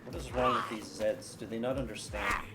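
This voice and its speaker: A man's voice: medium pitch, fairly even intonation, normal speed, very noisy. A man streaming a survival game, chatting casually with viewers in a wry, profane, often muttered way. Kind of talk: casual gameplay commentary.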